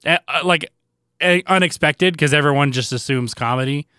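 A man co-hosting a podcast, chatting in a relaxed, casual way and trailing off with fillers. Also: a little high, normal speed, smooth, no echo, clean studio sound. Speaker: podcast co-host. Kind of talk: casual chat.

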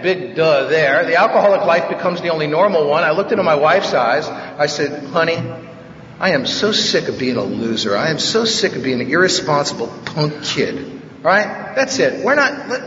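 Man from the Bronx, fairly high voice, wry joking storyteller at a recovery meeting, caught from afar in a big echoing hall on a dull recording. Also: lively intonation, moderate pace, fairly bright tone, a little hiss or hum. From the Bronx, New York. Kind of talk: personal recovery talk, humorous storytelling. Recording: echoey hall, distant mic, dull sound.

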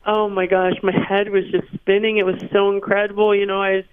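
A woman in her thirties, interviewed by phone, telling stories in an animated way and laughing often. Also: medium pitch, a little fast. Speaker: interview guest. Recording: tinny phone line.

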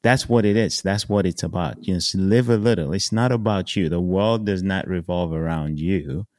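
A man with a very low voice co-hosts a podcast in a reflective way. He pauses with frequent ums and lets his phrases fade. The recording is dry and close. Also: no room sound. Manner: reflective, many ums, trailing off softly. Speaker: podcast co-host.

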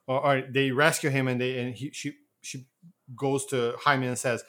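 A man's voice: mid-range voice, steady tone, a little slow, fairly bright tone. A man co-hosting a casual movie podcast, joking and explaining slang with bursts of laughter. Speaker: podcast co-host.

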